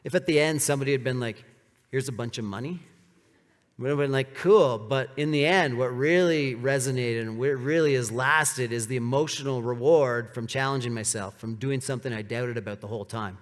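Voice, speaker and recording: Give me a man giving a casual storytelling talk in a reverberant hall, mid-pitched voice. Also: a little fast. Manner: casual and animated, with many "like" fillers. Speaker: speaker giving a live talk. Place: large hall with an audience.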